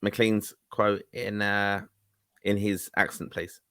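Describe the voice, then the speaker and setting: A man's voice: lowish voice, little pitch movement, takes it slowly, sharp tone, smooth, dry recording, clean studio sound. An Irish man in a casual football chat, critically questioning decisions. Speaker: podcast co-host.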